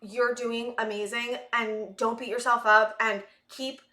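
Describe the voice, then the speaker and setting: A breathless woman reads tarot cards for her viewers, her voice bright and a little high. She rambles and hunts for words, sighing between thoughts. The room around her rings with echo. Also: flat delivery, a little slow. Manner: rambling, searching for words, many fillers and sighs. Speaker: tarot reader. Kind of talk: collective tarot reading to camera.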